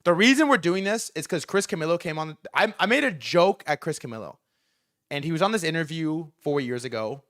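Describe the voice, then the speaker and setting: A young man hosting a casual livestream about markets, talking in an excitable, profane and rambling way with lots of fillers. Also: fairly high pitch, brisk. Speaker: livestream host.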